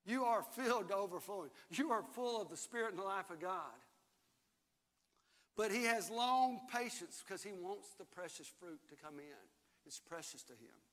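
An older pastor with a high-sitting, fairly bright voice preaches at a moderate pace in a large church hall. He reads scripture aloud and leads the congregation in call-and-response, having the crowd repeat after him. Long hall reverb and faint music are audible.

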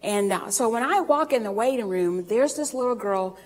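A woman preaching in a church, telling homespun stories and drawing out scripture verses slowly. Her voice sits slightly high and laughs come easily. The sound hangs in a long reverb. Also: animated, a little mellow. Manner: folksy storytelling, laughing often, drawn-out scripture reading. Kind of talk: sermon.

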